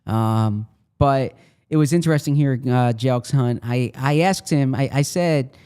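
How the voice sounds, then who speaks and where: A man's voice: mid-range voice, a little slow, dark tone, clear, resonant tone. Male podcast co-host, sports beat reporter, casual and rambling delivery. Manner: rambling, many restarts and fillers.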